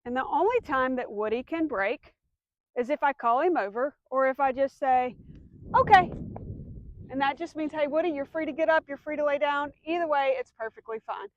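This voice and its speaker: A woman's voice: high voice, brisk, no room sound, muffled recording. A woman dog trainer explaining commands step by step, giving firm cues to a dog. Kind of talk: instructional demonstration.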